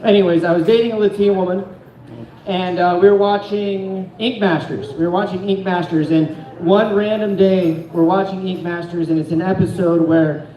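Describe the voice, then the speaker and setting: A man's voice: high-pitched, fairly even intonation, moderate pace, warm tone, echoey room, rough recording. A young man from Phoenix doing stand-up storytelling, rambling and profane, with a self-deprecating streak, on a comedy club stage. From Phoenix, Arizona.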